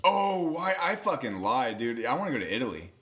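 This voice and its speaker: A man's voice: medium pitch, very animated, fairly quick, fairly bright tone. A young man co-hosting a podcast, joking around casually in a profane, offhand way. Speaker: podcast co-host. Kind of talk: casual chat.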